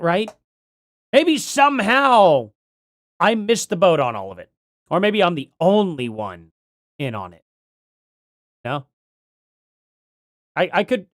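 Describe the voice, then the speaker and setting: A middle-aged man hosting a casual livestream, thinking out loud and reading chat aloud, with lots of ums and restarts. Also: high voice, no echo, studio quality. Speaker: livestream host.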